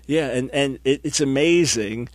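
A man's voice: mid-range voice, unhurried, no echo. A man hosting a Christian talk show, speaking emphatically and using repeated phrases like a preacher. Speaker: host.

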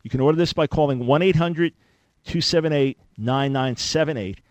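A man's voice: fairly high pitch, normal speed, no room sound. A man hosting a radio talk show, speaking conversationally with sudden bursts of emphasis.

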